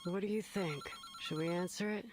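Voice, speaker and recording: A woman putting on a gruff, deep-voiced game companion. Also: moderate pace, background noise, lightly acted.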